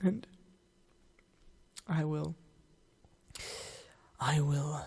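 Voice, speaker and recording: A man's voice: sits high, lively intonation, moderate pace, darkish tone. A man hosting a livestream, tearful and giddy as he signs off, effusive and emotional, swearing casually while he thanks his viewers. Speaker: livestream host. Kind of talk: casual livestream sign-off chat.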